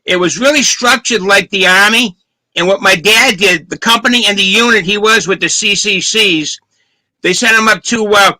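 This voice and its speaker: A man hosting a casual online chat show, telling a family story with fillers and pauses over a video call. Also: sits high, bright, forceful tone, no echo, poor audio. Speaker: host. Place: home, live video chat.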